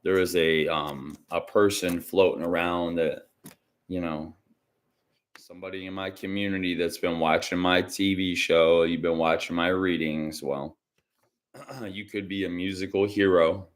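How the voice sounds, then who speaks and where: A man hosting a casual psychic reading livestream from home, rambling and chatty and often clearing his throat. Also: sits low, fairly even intonation, measured pace. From Michigan. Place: indoors at home.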